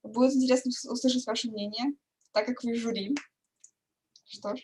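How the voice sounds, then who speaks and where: A woman's voice: fairly high pitch, fairly even intonation, brisk, warm tone. A woman hosting a Q&A on a video call, friendly, a little hesitant as she repeats her words. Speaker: moderator.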